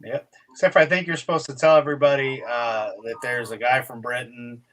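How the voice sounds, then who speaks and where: Bright-voiced man in his forties rambling. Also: medium pitch, steady tone, brisk. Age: 40s. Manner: rambling, full of fillers and restarts. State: tired, recovering from illness. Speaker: podcast co-host. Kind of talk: casual chat.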